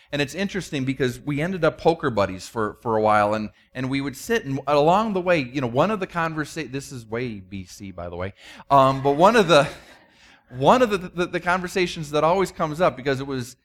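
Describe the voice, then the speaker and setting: A man's voice: mid-range voice, a bit bright. A man preaching a conversational sermon, retelling stories with frequent restarts and acted-out quotes. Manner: conversational, self-deprecating, many restarts, acts out quotes. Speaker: pastor.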